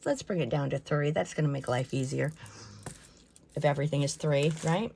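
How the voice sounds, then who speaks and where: There's slight background noise behind a low-pitched, gravelly, darkish voice at normal speed. In casual show-and-tell chat, the woman hosting her own jewelry channel enthuses over each piece and jokes at her own expense, speaking into a personal microphone worn while she talks.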